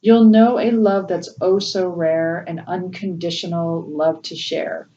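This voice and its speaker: A woman giving a casual spiritual tarot reading, gentle and emotional, laughing often. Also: steady tone, moderate pace. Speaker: tarot reader. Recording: distant, dull low-fi mic with faint noise.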